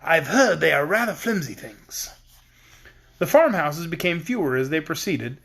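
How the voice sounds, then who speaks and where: A man reads a children's storybook aloud, his voice sitting high and swinging widely in pitch. His narration is lively and expressive. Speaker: audiobook reader.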